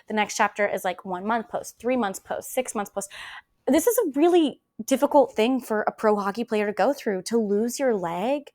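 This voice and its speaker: A woman's voice: a little high, lively intonation, normal speed, darkish tone. A woman hosting a casual book podcast, talking in a gushing, emotional way and often repeating herself. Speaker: podcast host. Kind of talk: casual book review chat.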